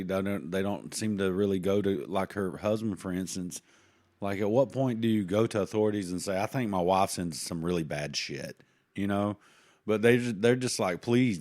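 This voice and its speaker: A man's voice: on the low side, darkish tone. A man co-hosting a true crime podcast, chiming in with rambling, joking commentary full of restarts. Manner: rambling, joking, laughs a lot, halting restarts. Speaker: podcast co-host.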